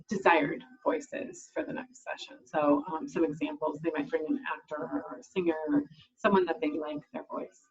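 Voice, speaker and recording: A woman speech therapist talks through the steps of voice therapy in a lowish, husky voice. She explains plainly and often restarts with an "um". The recording sounds dull and lo-fi. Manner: explanatory, with frequent "um" fillers and restarts. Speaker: speech language pathologist. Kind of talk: informational talk to camera.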